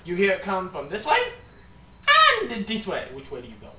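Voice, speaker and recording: A man running a tabletop game with a lively, swooping voice and a slightly high pitch, swearing casually and poking fun at himself. He sounds distant from the mic, with room echo and steady background noise. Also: fairly quick. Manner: animated, swearing, self-mocking. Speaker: game master.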